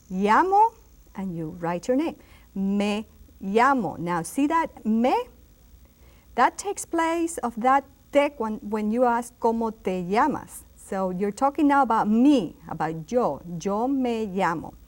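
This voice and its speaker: A woman's voice: medium pitch, sing-song, a little mellow. Patient woman teaching. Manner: patient, repeats phrases slowly for children. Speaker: Spanish teacher. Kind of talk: instructional video lesson.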